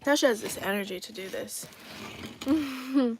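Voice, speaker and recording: A young woman from China chats on a live stream while she eats, sassy, teasing and quick to laugh. Her voice sits fairly high, recorded on a phone with a faint hiss behind it. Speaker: livestream host. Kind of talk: casual live-stream chat while eating.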